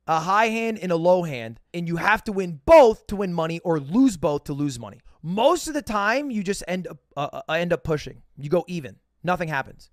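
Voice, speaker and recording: A man's voice: high-pitched, no room sound, studio quality. A man telling a casual, profane, self-mocking story as a podcast host.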